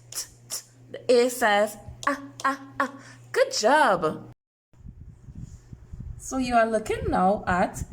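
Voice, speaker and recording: A woman teaching a phonics lesson to young children, sounding out letters slowly and clearly and praising them. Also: a little high, slight background noise, poor audio.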